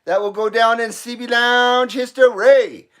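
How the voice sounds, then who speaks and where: A man hosting his own live stream, excitable and out of breath, swearing freely and laughing between remarks. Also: extremely high pitch, a little slow. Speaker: channel host. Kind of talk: casual live stream chat.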